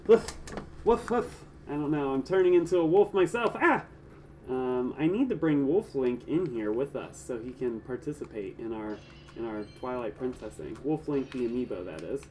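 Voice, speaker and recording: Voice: medium pitch, animated, fairly quick, dark tone, recorded from a distance, a little hiss or hum. A gaming streamer giving casual live gameplay commentary, joking around, chatting to viewers and making goofy sound effects. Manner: playful and jokey, chatting to viewers.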